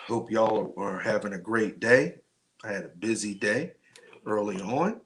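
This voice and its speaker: A pastor hosting a men's night livestream speaks in a low, gravelly voice. He talks slowly and loosely, full of ums and uhs. He greets viewers by name as he goes. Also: lively intonation, fairly bright tone. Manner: slow and rambling, many fillers, greets viewers by name. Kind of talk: casual livestream talk and preaching.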